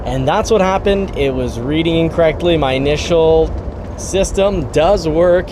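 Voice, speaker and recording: A man's voice: on the high side, unhurried. A man hosting his car channel, talking casually and practically, joking now and then. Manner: chatty, practical, joking asides. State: out of breath after shoveling. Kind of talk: casual outdoor vlog narration. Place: outdoors at a beach by a vehicle. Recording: noisy outdoor recording.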